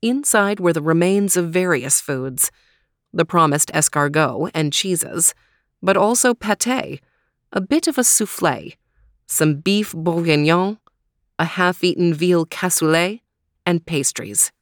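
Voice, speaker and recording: A woman narrating a children's storybook in a steady, measured way. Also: fairly low pitch, no echo, studio quality. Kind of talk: storybook reading.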